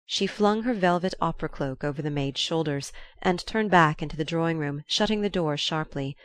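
A woman with a lowish voice narrates a classic novel in measured, even scripted narration. The recording is dry and close. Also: no echo. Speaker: audiobook narrator.

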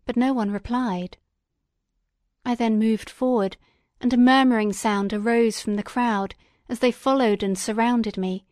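Measured, expressive female audiobook narrator. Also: on the high side, no room sound, clean studio sound. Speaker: audiobook reader. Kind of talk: audiobook narration of a classic novel.

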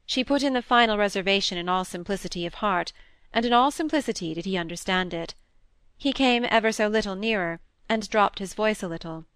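A woman narrating a classic novel in a calm, even storytelling manner. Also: medium pitch, fairly quick, smooth, no room sound. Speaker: audiobook narrator. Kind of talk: scripted narration.

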